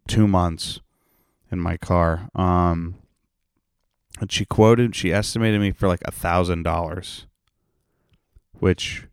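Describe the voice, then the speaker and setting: A man's voice: sits low, clean tone, dry recording, studio quality. A young man hosting a podcast, rambling and ranting in a profane, sarcastic way. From Rhode Island, United States. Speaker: podcast host. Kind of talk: casual solo podcast rant.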